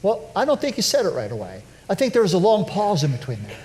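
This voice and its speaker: High-voiced, animated male pastor preaching. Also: fast. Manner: conversational, animated preaching with self-deprecating humor. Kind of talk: sermon. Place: church sanctuary.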